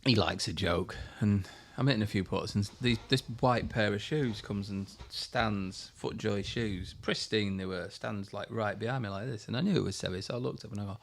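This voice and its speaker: A middle-aged man, a former pro golfer and podcast guest, telling a story in a lively way and laughing as he goes. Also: fairly low pitch, normal speed, creaky, few pauses.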